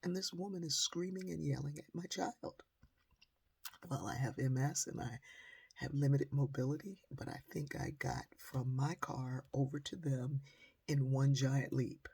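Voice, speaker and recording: A middle-aged woman with a husky voice telling a personal story in an animated, dramatic way. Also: a bass voice, a little slow. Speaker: motivational speaker.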